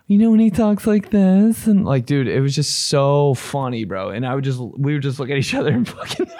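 A young man hosting a podcast, chatting casually in a loose, profane, rambling way with bursts of excitement. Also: mid-range voice, dry recording, studio quality. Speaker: podcast host. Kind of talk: casual chat.

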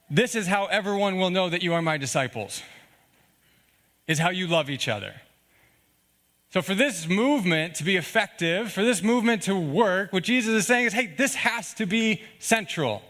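Bright-voiced male pastor, conversational sermon. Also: a little high. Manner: earnest, conversational preaching with asides like "okay?" and "all right?".

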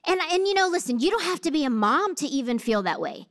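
A woman in her thirties preaching a sermon, telling a personal story in a humorous, animated way. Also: high voice, fast talker, hardly any pauses.

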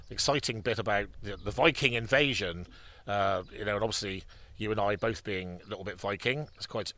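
Rambling bright-voiced man on a podcast. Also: fairly low pitch, no room sound. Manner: rambling, many restarts and fillers. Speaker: podcast co-host. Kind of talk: casual history chat.

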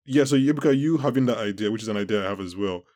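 A man's voice: lowish voice, very fast, dark tone. A man hosting a podcast, chatting casually and animatedly, laughing often and restarting his sentences. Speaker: podcast host. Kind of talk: casual chat.

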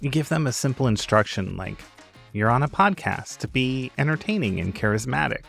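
Man podcast host, gravelly voice, relaxed and a bit hesitant, faint music behind. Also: medium pitch, a little fast. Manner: relaxed, hesitant, with restarts and laughs. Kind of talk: casual podcast chat.

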